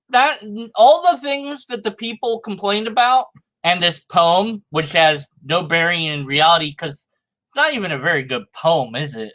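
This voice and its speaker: A man's voice: high-pitched, animated, normal speed, bright, forceful tone. A man giving sarcastic, rambling commentary on a sermon clip, mocking the preacher's arguments. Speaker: video commentator.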